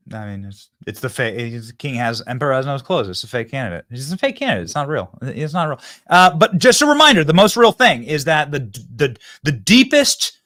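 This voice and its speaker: Animated sarcastic male show host. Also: fairly high pitch, no room sound, clean studio sound. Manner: mocking, sarcastic, animated delivery. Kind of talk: political commentary show.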